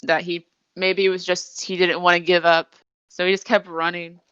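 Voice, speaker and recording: Woman host recapping a show, smooth clear voice, dry dull lo-fi sound. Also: lowish voice, flat delivery, moderate pace, a bit bright, no echo. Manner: chatty storytelling with many fillers. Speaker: podcast host. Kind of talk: casual episode recap chat.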